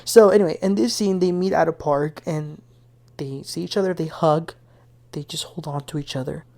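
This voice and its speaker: A woman's voice: low voice, moderate pace, mellow. A woman hosting a casual reality TV recap, retelling scenes in a chatty way with her own opinions and asides. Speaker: TV recap host.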